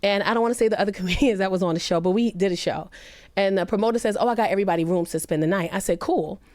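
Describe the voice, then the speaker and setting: A woman comedian on a podcast, telling a personal story earnestly and emphatically, her pitch rising when she quotes people. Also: very fast, a little mellow. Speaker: comedian guest.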